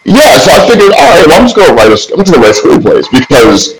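A man's voice: fairly high pitch, big pitch swings, fast talker, reverberant, crowd noise, low-quality recording. A man in his forties telling a long, rambling story in a casual interview, full of "like" and "man". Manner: laid-back, rambling, lots of "like" and "man". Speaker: guest, writer.

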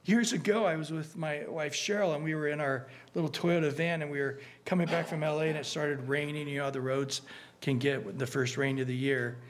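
A man gives an earnest, conversational sermon in a somewhat high voice. He is animated and keeps restarting his phrases as he talks. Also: a little fast, slight background noise. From United States. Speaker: pastor.

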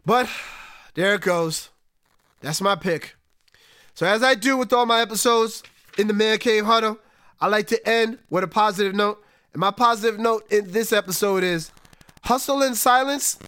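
A man hosting a solo sports podcast, talking animatedly and swinging between excited highs and low, resigned asides. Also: moderate pace, no echo, clean studio sound, faint music behind. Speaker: podcast host.

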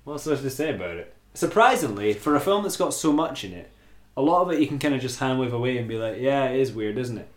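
A man's voice: mid-range voice, very animated, quick pace. Sweary rambling podcast man, roomy sound. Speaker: podcast host. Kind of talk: casual film review chat. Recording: roomy echo.

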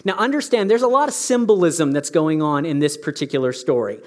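A man's voice: sits high, expressive, fast, few pauses. A male pastor giving a conversational, emphatic sermon, often checking in with his listeners. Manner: conversational, emphatic, asks the audience questions.

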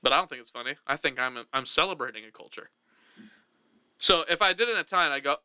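A man's voice: on the high side, quick pace, bright, forceful tone, smooth, no room sound. A man hosting a casual comedy podcast, rambling and laughing often as he jokes. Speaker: podcast host.

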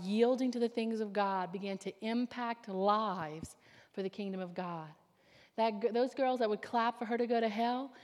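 A woman preaching a sermon with fervor, swinging between loud declarations and hushed whispers. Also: medium pitch. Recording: long hall reverb.

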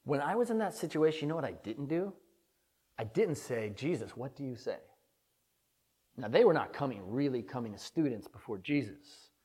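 A man's voice: mid-range voice, animated, brisk, dark tone, breathy edge. A man preaching a conversational sermon, telling a personal story in an earnest, candid way that swells with feeling.

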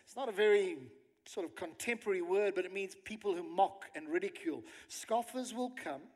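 Man, pastor, emphatic sermon, high pitch, reverberant hall. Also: brisk, darkish tone. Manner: emphatic preaching with scripture reading. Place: church hall.

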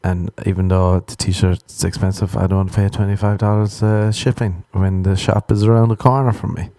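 On his solo podcast out of Los Angeles, a young man with a low-pitched, warm voice speaks at a normal pace and a steady tone. His stories ramble, are full of cursing, and include him performing other people's lines. The recording is dry.

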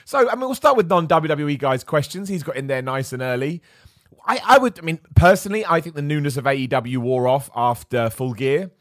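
A man hosting a live wrestling show, talking casually, animated, laughing often and repeating himself. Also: on the high side, a little fast, no echo, studio quality. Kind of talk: casual live-stream commentary.

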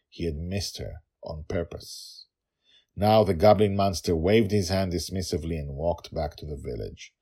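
Brief: male podcast storyteller, very low voice, calm and measured, a bit husky. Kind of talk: story narration and personal anecdote.

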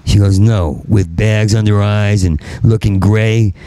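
A man's voice: on the low side, fairly even intonation, measured pace, dark tone, no room sound, poor audio. A middle-aged man with a heavy stutter, delivering a rambling, bitter stand-up monologue. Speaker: stand-up comedian.

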